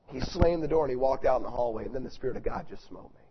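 A man preaching a sermon, swinging from loud, forceful preaching to soft, hushed storytelling. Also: medium pitch, lively intonation, rapid-fire, hardly any pauses, dull audio, slight background noise.

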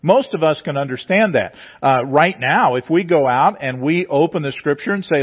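A man's voice: fairly high pitch, lively intonation, moderate pace, few pauses, husky. A man preaching a sermon, explaining a passage step by step in a teacherly way and often repeating words as he goes. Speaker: pastor. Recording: tinny phone-like sound.

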